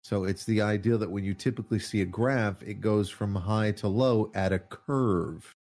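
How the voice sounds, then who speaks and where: A man's voice: on the low side, normal speed, darkish tone. A man ranting in casual political commentary, sarcastic and mocking, swearing often and laughing often.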